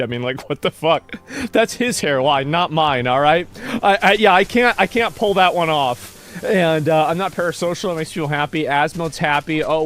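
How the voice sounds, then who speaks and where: A man casually chatting on a livestream, reading posts aloud and answering chat in a rambling, mocking, profane way. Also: fairly high pitch. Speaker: streamer.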